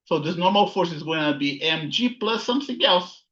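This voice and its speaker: A man's voice: high voice, lively intonation, normal speed, fairly bright tone, lo-fi sound. A man teaching a physics lesson over slides, thinking aloud and often checking with "okay?" and "right?". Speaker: physics instructor. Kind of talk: recorded lecture with slides.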